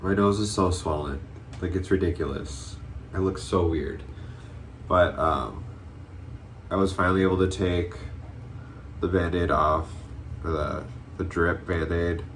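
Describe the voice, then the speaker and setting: A man's voice: low-pitched, steady tone, a little slow, long pauses, a little hiss or hum. A young man talking casually to camera at home, rambling with lots of fillers. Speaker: vlogger. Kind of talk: casual vlog talk to camera. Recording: background music, voice a bit distant. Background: soft background music.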